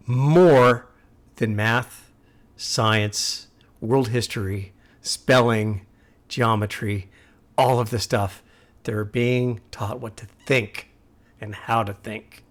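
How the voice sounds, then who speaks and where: A man's voice: mid-range voice, fairly even intonation, takes it slowly, long pauses. A man hosting a music reaction video, talking earnestly and repeating himself like a sermon. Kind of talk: casual reaction commentary.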